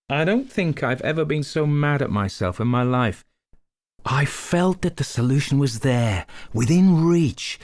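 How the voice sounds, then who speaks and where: A man's voice: a little high, a little mellow, no room sound, pitched above the performer's own voice. A man voicing a weary middle-aged police inspector with a somewhat American accent, wry and exasperated.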